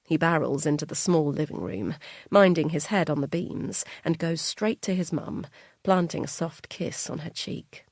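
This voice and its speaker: A woman narrating an audiobook in the first person, measured and quietly tense. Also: low-pitched, lively intonation, creaky, dry recording, clean studio sound.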